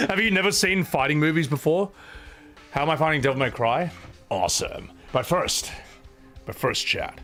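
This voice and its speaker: A man's voice: mid-range voice, bright, forceful tone. A man streaming live, chatting casually with his viewers, swearing and laughing as he reacts to their comments.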